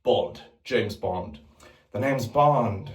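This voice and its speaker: A man playing a suave male spy, smooth and deliberate. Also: fairly low pitch, reverberant, pitched below the performer's own voice.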